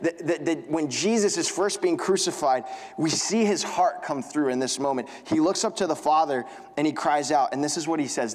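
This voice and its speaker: A young man preaching a sermon as pastor, talking conversationally with frequent "right?" asides and dropping low and slow to stress a point. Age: young adult. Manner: pitch drops low and slow for emphasis. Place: church sanctuary. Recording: long hall reverb.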